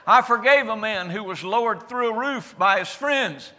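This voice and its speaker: A man preaching in the first person as Jesus, a calm and certain adult man, with a declamatory delivery whose loudness rises and falls. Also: high voice, moderate pace, exaggerated voice. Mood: solemn. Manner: declamatory, rising and falling loudness. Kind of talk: first-person sermon monologue.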